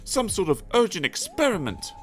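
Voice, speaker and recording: A man's voice: high-pitched, huge pitch swings, moderate pace, a bit bright, voice pushed up, full character voice. A man voicing a cheerful, chatty young man in a storybook reading, in a raised, upbeat voice.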